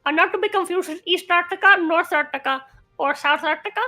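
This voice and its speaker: A woman's voice: very high-pitched, fast, bright, forceful tone, faint music behind, voice pushed up. A woman voicing a pompous self-proclaimed male ambassador in his forties, with a put-on Indian accent and a stiff, haughty manner.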